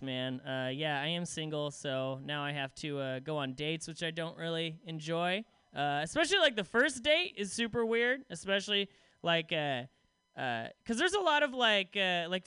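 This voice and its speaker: A man's voice: sits high, pushed and bright, clean tone, dry recording. A young adult man doing a rambling, self-deprecating stand-up comedy set, full of "like" fillers.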